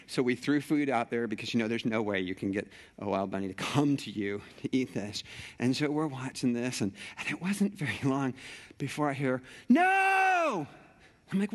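A male pastor preaching a sermon, telling a personal story with animated energy and acting out the scenes. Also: mid-range voice.

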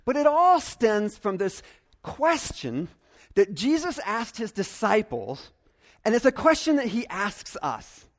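A young adult male pastor preaching a sermon earnestly and emphatically, repeating phrases for stress. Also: high voice.

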